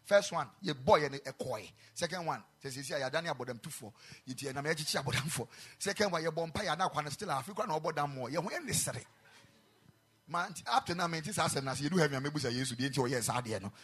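Ghanaian preacher with a high voice. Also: male voice, lively intonation, quick pace, slightly rough. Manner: switches between English and Twi, rising to shouted emphasis. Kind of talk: sermon. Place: chapel.

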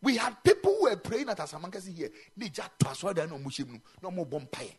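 A man preaching a sermon in a chapel, animated and emphatic, mixing in local-language phrases. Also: high voice, fast talker. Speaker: pastor.

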